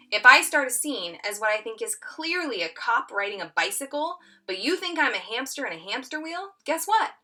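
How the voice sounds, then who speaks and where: A woman's voice: a little high, pushed and bright. A middle-aged woman teaching a tutorial, reading an excerpt aloud and acting out the quoted lines with lots of expression.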